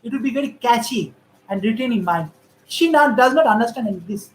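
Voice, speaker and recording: A woman's voice: on the high side, lively intonation, brisk, slight background noise. A woman giving critical, emphatic political commentary on how politicians speak. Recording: roomy echo.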